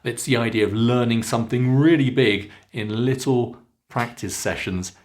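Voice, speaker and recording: A man with a Southern British accent teaching a pronunciation lesson, stretching out clear model words with careful emphasis. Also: medium pitch, fairly even intonation, normal speed. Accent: Southern British English. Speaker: pronunciation coach. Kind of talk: slow, deliberate pronunciation lesson.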